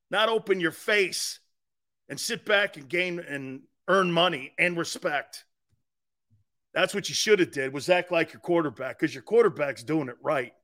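A man's voice: high voice, pushed and bright. A man hosting a live football talk show, blunt and mocking. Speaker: sports talk show host. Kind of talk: live sports radio talk.

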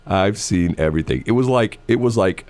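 A man's voice: low voice, animated, fairly quick, darkish tone, no echo. A middle-aged man hosting a morning radio show, rambling in casual chat and laughing often, recorded in a radio studio.

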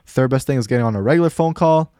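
A young man co-hosting a casual podcast, talking quickly and animatedly to the listeners. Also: medium pitch, clear, resonant tone, no echo, studio quality. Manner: fast, animated, addresses listeners as guys. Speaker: podcast co-host.

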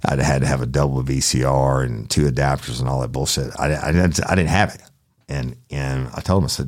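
Very deep gravelly-voiced man. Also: fairly quick. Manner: profane, blunt, acts out the other people in his stories. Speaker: police detective. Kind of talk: casual storytelling.

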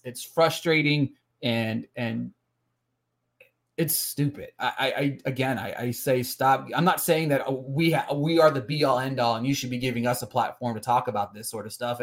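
A man hosting a casual sports podcast, heated and frustrated, often repeating words and restarting his sentences. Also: mid-range voice. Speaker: podcast host.

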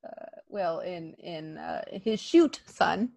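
A woman co-hosting a casual podcast, laughing often and acting out quotes in an animated way. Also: fairly low pitch, slow pace, gravelly, dry recording. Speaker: podcast co-host. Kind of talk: casual wrestling podcast chat.

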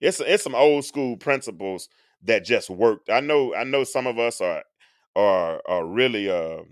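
A man's voice: lowish voice, expressive, unhurried, no echo. Earnest man lecturing, dry close sound. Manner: earnest, lecturing about parenting, repeats and restarts phrases as he builds a point. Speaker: host. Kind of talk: casual live-stream talk to his audience.

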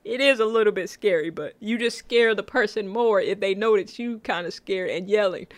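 A woman's voice: medium pitch, normal speed, no room sound. A woman co-hosting a casual chat, talking easily, laughing often and reading out comments from the chat. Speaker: co-host of a sitcom recap stream. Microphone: own mic.

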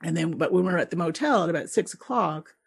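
A middle-aged woman from Canada, a guest telling travel stories in a casual interview, lively and laughing often as she acts out the people she met. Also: on the low side, fast, gravelly, husky.

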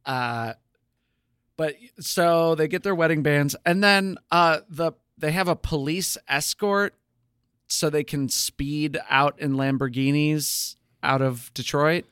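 Guy cohost telling the episode, kinda higher voice, lots of ums, dry mic. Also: takes it slowly, a bit bright, smooth, dry recording. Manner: chatty storyteller, lots of um and like. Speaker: podcast co-host. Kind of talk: casual chat recapping a show.

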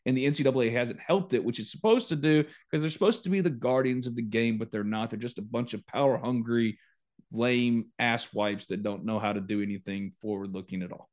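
A man hosting a casual sports podcast, animated, quick to joke and rant. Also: mid-range voice. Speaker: podcast host.

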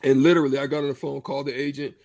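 A middle-aged man, a former basketball player, telling a story in a loose, animated way with slang. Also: medium pitch, rapid-fire, no room sound. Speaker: former pro basketball player, show regular. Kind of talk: casual storytelling chat.

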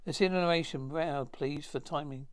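A man acting a fast-talking character in a 1950s TV drama, with brisk, stagey dialogue. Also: fairly high pitch, smooth, natural voice.

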